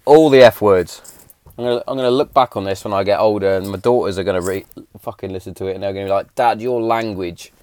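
A man's voice: sits low, fairly even intonation, fast, a little mellow, smooth, no room sound. A man, hosting a casual podcast in a blunt, sweary, heated way. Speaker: podcast host.

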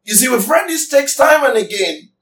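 A man's voice: extremely high pitch, big pitch swings, normal speed, a bit bright, recorded from a distance. A man preaching a sermon emphatically, asking his congregation questions as he teaches. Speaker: pastor. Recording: echoey room, voice from off mic.

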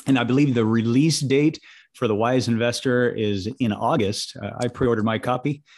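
A man hosting a casual heartfelt conversation, affectionate and soft-spoken, pausing often with fillers. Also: mid-range voice, steady tone. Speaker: host.

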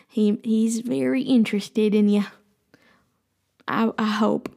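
A woman's voice: on the high side, steady tone, takes it slowly, creaky, pauses often, warm tone. A woman hosting an advice show, casually answering listener questions in a playful, teasing way with jokey asides. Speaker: advice podcast host.

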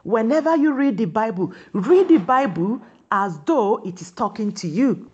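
A woman preaching with a husky, slightly breathy voice that rides fairly high. Her pitch swings widely as she presses her listeners with question after question. She slows down and draws out key words to drive them home. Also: lively intonation, darkish tone, dull audio. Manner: emphatic, repeats rhetorical questions; stretches key words slowly for emphasis. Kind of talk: sermon.

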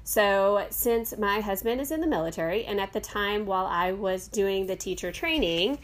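A woman's voice: mid-range voice, lively intonation, normal speed. A middle-aged woman, a yoga teacher, hosting a podcast in a casual, rambling monologue full of fillers and self-corrections.

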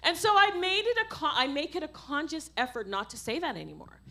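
A middle-aged woman preaching a sermon, impassioned, swinging from quiet asides to loud exhortation. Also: sits high, very animated, a little fast. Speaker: pastor.

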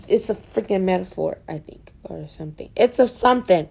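A woman's voice: mid-range voice, lively intonation, moderate pace, creaky, hardly any pauses, darkish tone, slightly rough. A woman student venting in a casual, rambling monologue for her podcast, frustrated and full of fillers.

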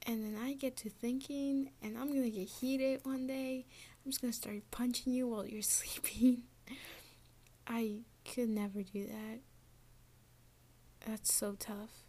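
A woman's voice: fairly high pitch, little pitch movement, measured pace, pauses often, warm tone. A young woman hosting a casual solo podcast rant, slipping often into a whisper and filling with "like". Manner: often drops to a whisper, lots of "like". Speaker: podcast host.

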